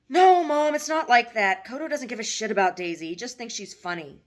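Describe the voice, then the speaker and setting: A woman's voice: medium pitch, lively intonation, quick pace, close to an everyday voice. A woman voicing a grown son, an anxious and lovesick young man, in an earnest, pleading way. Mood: protesting.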